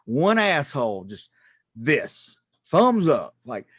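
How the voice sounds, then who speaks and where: A man's voice: medium pitch, sing-song, slow, fairly bright tone, slightly rough, dry recording, clean studio sound. A man doing a rambling, self-mocking stand-up comedy set over a video call, laughing at his own jokes.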